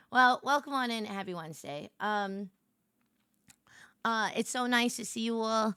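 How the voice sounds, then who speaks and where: A young woman streaming and greeting her viewers in casual chat, animated and swinging from soft murmurs to excited squeals. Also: on the high side, normal speed, clear, resonant tone, no echo, clean studio sound.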